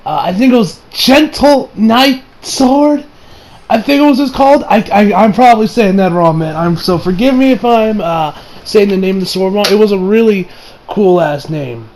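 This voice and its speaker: Excitable high-voiced young man, swearing freely. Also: normal speed. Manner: excitable, swears often, many fillers and restarts. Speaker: anime reviewer. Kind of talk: casual episode review.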